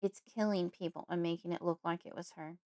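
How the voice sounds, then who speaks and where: A woman's voice: fairly low pitch, fairly even intonation, fairly quick, darkish tone, dry recording, studio quality, lightly acted. A woman reading an audiobook, voicing a desperate, frightened father who pleads urgently.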